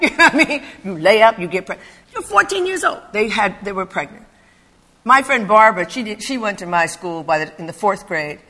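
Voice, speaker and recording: An older woman from Philadelphia giving a public talk, telling her personal story in a conversational, animated way. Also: fairly low pitch. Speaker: speaker.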